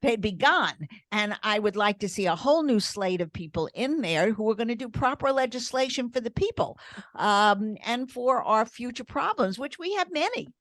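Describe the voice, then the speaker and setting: A woman's voice: fairly high pitch, expressive, moderate pace, fairly bright tone, no echo, studio quality. An older woman co-hosting a casual chat, giving emphatic opinions in long runs with fillers. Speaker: grandmother co-host.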